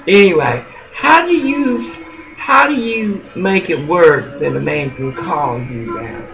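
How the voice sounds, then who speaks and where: A man rants in a drawn-out, scolding way, cursing as he rambles from one complaint to the next. His voice sits slightly high and he takes his time. Music plays clearly behind him the whole way through. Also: animated, poor audio. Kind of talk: angry ranting monologue. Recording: music playing loudly behind.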